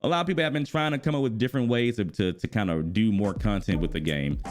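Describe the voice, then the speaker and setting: A man in his thirties casually chatting about a video game while he plays, animated and quick to exclaim. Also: fairly low pitch, noisy background. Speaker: gaming YouTuber and streamer. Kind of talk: casual gaming vlog commentary while playing. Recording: music bed playing clearly behind the voice.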